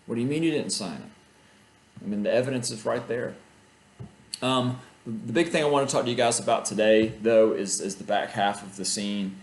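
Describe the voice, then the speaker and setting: A man's voice: fairly low pitch, normal speed. Male teacher lecturing in an echoey room. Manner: conversational, thinks aloud with restarts, reads play lines aloud. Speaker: high school literature teacher. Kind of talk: casual recorded video lesson. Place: home living room. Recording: echoey room with faint ambient noise.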